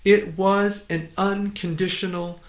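A pastor giving a morning sermon, earnest and measured, asking rhetorical questions and repeating key points. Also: male voice, sits high, little pitch movement, roomy sound.

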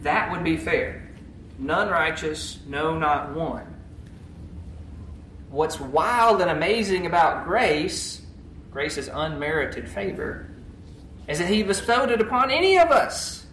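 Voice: mid-range voice, animated, slow, fairly bright tone. A preacher giving an emphatic sermon, often checking in with the congregation. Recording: echoey room, faint background noise.

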